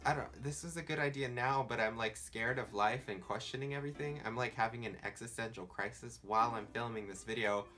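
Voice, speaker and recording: A young vlogger with a SoCal accent talks in a loose, rambling way, loaded with "like" fillers. His mid-range voice sounds pushed and bright, fairly quick with few pauses, over faint background music.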